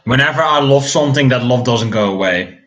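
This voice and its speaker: A man's voice: mid-range voice, a little fast, fairly bright tone, slight background noise. A man giving casual reaction commentary as a music reviewer, swearing freely, ranting and restarting his words often. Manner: profane, ranting, frequent stammered restarts.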